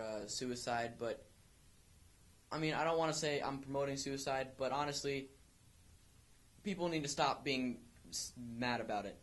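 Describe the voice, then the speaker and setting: A young man co-hosting an amateur podcast, chatting casually and rambling with many restarts. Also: mid-range voice. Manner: rambling, full of restarts and fillers. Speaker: podcast co-host. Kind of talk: casual chat.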